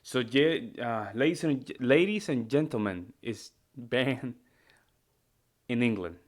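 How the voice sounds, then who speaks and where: A man's voice: mid-range voice, expressive, slow pace. A man commenting casually on a debate clip in a reaction video, with exasperated, repetitive interjections.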